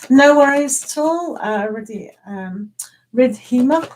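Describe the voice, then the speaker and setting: A woman's voice: sits high, lively intonation, slow, recorded from a distance, poor audio. A woman giving live tarot readings in a chatty, giggly way, with many ums and restarts. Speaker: tarot reader.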